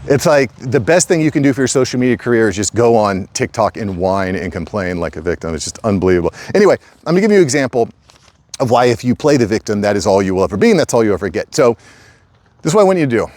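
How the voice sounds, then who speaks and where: Emphatic middle-aged man with a lively voice. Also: on the low side, fast. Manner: emphatic, repetitive, addresses viewers as guys. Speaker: channel host. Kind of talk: casual direct-to-camera talk.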